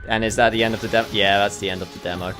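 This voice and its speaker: A man streaming a game demo, talking casually and excitedly as he plays. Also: faint music behind. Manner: excitable, enthusiastic, quick shifts in pitch. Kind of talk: casual gameplay commentary.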